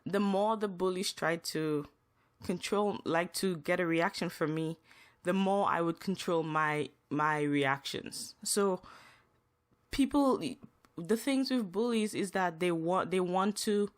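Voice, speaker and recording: A woman's voice: lowish voice, slow pace. A young adult woman hosting a podcast, telling personal stories in a casual, emotional way with frequent restarts. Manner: emotional, earnest storytelling with many restarts. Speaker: podcast host.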